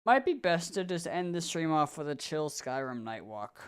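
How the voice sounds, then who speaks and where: A man streaming a video game live, reacting loudly and swearing at what happens on screen. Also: a little high, normal speed, smooth. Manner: excitable, swears and yells at the game. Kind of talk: live gameplay commentary. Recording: noisy stream audio.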